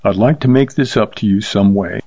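A man's voice: fairly low pitch, moderate pace, warm tone, husky, dry recording, dull audio. A man doing a meek apologetic young cowboy. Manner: apologetic, pleading.

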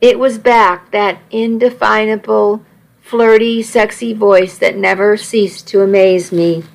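Woman reading a first-person story, slow and unhurried, bit of vocal fry, dry wry tone. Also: medium pitch, steady tone, low-quality recording. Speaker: audiobook narrator.

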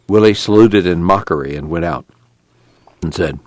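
A man's voice: moderate pace, no room sound. Audiobook narrator, man with dry close sound. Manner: low steady narration between lively character voices.

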